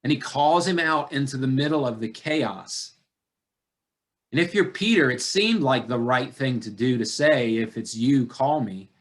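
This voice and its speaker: A man preaching a sermon as pastor, deliberate and searching, addressing the congregation with repeated rhetorical questions. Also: medium pitch, lively intonation, fairly bright tone.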